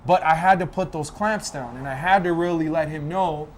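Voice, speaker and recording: A man, a guest in a barbershop chair, casually telling a lively family story and acting out the voices in it. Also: fairly high pitch, normal speed, a little hiss or hum. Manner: animated, acts out family dialogue.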